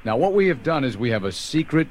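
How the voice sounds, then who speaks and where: A man hosting a radio countdown and calling a prize winner, showy and playful with dramatic pauses. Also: mid-range voice, big pitch swings, a little hiss or hum. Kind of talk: radio show with a prize call.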